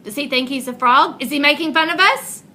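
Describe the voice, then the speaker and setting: A woman's voice: high voice, fairly quick, pushed and bright, slight background noise, pitched above the performer's own voice. A woman voicing a chorus of frogs in a storybook, exclaiming in an indignant way. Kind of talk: storybook read-aloud.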